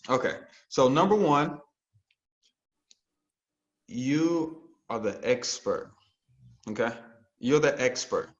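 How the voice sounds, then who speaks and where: A man coaching a group on a call, energetic and constantly checking in with "okay?". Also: mid-range voice, slow, pauses often, dull audio. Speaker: real estate investing coach. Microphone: video call.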